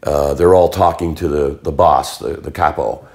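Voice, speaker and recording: A man's voice: very deep voice, moderate pace, vocal fry, a little hiss or hum. An older man from Canada, a musician and actor, telling stories as an interview guest and acting out the voices of people he quotes. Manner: animated storyteller, acts out quoted voices. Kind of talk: casual storytelling.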